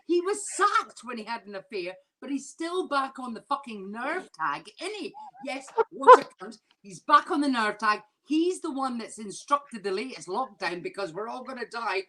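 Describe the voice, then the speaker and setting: A woman's voice: on the high side, bright, forceful tone. A woman comedian ranting and swearing in a drunken comedy chat over a video call. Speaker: comedian guest.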